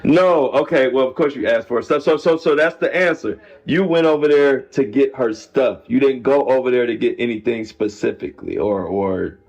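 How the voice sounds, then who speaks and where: A man's voice: mid-range voice, moderate pace, few pauses, a little mellow. A man interviewing someone, asking questions in a stumbling way with repeated words. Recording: muffled clip.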